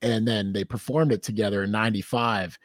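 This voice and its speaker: A man's voice: fairly low pitch, steady tone, fairly quick, no echo, studio quality. A man co-hosting a fan podcast, telling rambling stories in casual chat. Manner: chatty storyteller, rambling asides. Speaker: podcast co-host.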